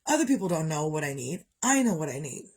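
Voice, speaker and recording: A woman's voice: deep voice, very animated, fast, darkish tone, husky. Frank, rambling woman with a cough. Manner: frank and rambling, with frequent swearing. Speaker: vlogger. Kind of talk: candid personal monologue.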